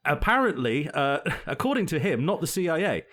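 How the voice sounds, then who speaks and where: A man's voice: fairly high pitch, sing-song, fairly quick, fairly bright tone. A man co-hosting a podcast, talking politics in a sweary, sardonic, rambling way. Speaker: podcast co-host. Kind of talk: casual political chat.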